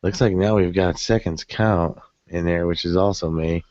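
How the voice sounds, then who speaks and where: A man with a very low voice co-hosts a casual late-night podcast, sounding tired as he rambles and jokes. He swears casually between stories. The sound is dry and close. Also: steady tone, normal speed, darkish tone, no echo, dull audio. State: tired, yawning. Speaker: podcast co-host. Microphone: webcam setup.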